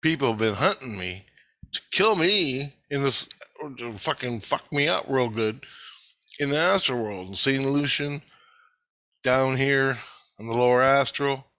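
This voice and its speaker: A man's voice: mid-range voice, expressive, measured pace, pauses often, pushed and bright, dry recording. A man telling a rambling spiritual story to camera, swearing heavily and agitated. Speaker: vlogger. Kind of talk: rambling monologue.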